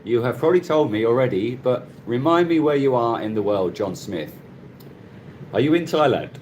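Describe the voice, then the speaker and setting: A man's voice: mid-range voice, lively intonation, normal speed, a little mellow, slight background noise. Chatty man live streaming to viewers. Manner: chatty, greets viewers by name, laughs often. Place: Cebu, Philippines. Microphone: phone.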